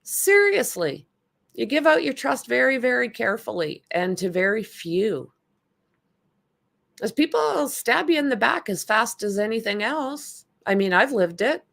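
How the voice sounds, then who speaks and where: A woman's voice: a little high, big pitch swings, measured pace, gravelly, a bit bright. A woman hosting a casual livestream, commenting bluntly and with indignation while chatting with viewers. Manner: blunt, indignant, talks back to chat. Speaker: livestream host.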